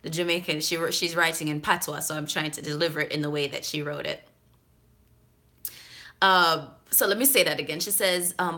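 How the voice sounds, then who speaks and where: Chatty woman with a bright voice. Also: low-pitched, steady tone, fairly quick. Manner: candid, chatty, off the cuff. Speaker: host. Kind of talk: casual vlog talk.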